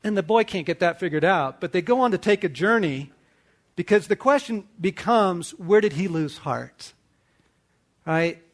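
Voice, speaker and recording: A middle-aged man hosting a talk to men, telling a movie story with lively acted-out dialogue. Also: sits high, normal speed. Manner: animated storyteller acting out dialogue. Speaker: host. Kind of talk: casual teaching talk to men.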